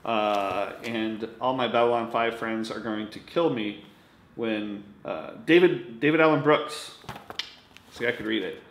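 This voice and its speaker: A man's voice: lowish voice, steady tone, a bit bright, a little hiss or hum. Chatty man in an echoey room. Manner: chatty, halting, many fillers. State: losing his voice. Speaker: autograph collecting vlogger. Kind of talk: casual vlog chat. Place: indoors at home at night.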